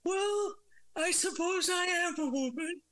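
A coy mystery psychic, as a performer puts on the voice, high-pitched and strangely muffled, as if heard through a bubble. The voice is of unclear sex and gives evasive, teasing answers. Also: measured pace, a bit bright. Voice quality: muffled, distorted-sounding voice.

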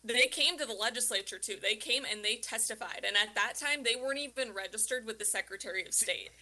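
A woman's voice: fairly high pitch, fairly quick, bright, forceful tone. A woman co-hosting a political talk radio show, explaining things in a casual, conversational way. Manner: conversational, explanatory, laughs easily. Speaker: radio co-host.

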